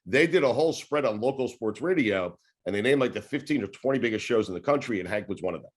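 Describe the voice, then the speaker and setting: A man in his forties with a New York accent, telling stories in a casual interview, rambling and relaxed, swearing and laughing as he goes. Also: mid-range voice, fast talker, breathy edge. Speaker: sports radio host, podcast guest.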